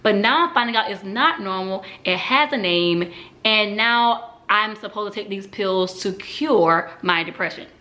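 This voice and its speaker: A woman's voice: medium pitch, measured pace, bright, forceful tone. A woman candidly recounting a personal experience in a reflective storytelling manner, with frequent "um"s. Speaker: speaker sharing personal story. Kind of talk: personal testimony talk.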